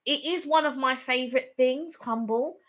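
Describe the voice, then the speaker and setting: A woman's voice: sits high, normal speed, a bit bright. A woman co-hosting a casual live stream chat, telling a long rambling story with lots of repetition.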